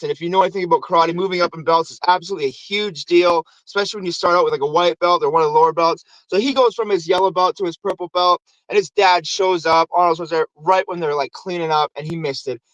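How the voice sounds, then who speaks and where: A man's voice: high voice, dry recording, low-quality recording. A man hosting a show, casually recapping a movie with lots of swearing and acted-out quotes. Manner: animated, acts out quotes in raised voices. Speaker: show host.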